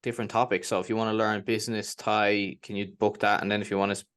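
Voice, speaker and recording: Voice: deep voice, flat delivery, quick pace, fairly bright tone. A host interviewing a language teacher, asking curious questions and repeating words back to try them out. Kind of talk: casual interview.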